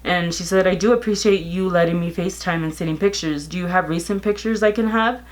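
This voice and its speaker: A woman in her thirties, a vlogger, retelling a family dispute in casual storytime chat, animated and exasperated, quoting texts aloud. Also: fairly low pitch, fairly quick. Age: 30s.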